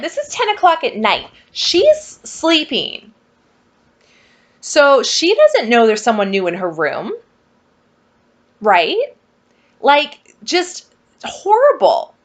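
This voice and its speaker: A woman telling a personal story to her viewers in a casual vlog, animated and exasperated. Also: a little high. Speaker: vlogger.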